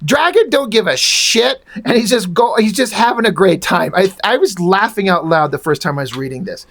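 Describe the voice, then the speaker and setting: A man's voice: sits high, expressive, moderate pace, creaky, fairly bright tone. A man reviewing comic books in casual, rambling chat, frank and swearing freely.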